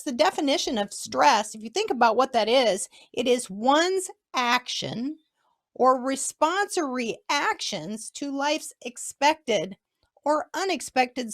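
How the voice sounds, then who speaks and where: Brief: female co-host, clear explanatory delivery, somewhat high voice. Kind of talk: health talk show.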